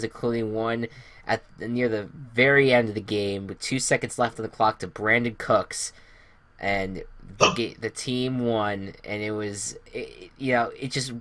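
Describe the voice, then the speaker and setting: A man's voice: mid-range voice, steady tone, measured pace, fairly bright tone, no room sound. A man hosting a casual sports podcast, rambling through game recaps with many fillers and restarts. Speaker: podcast host.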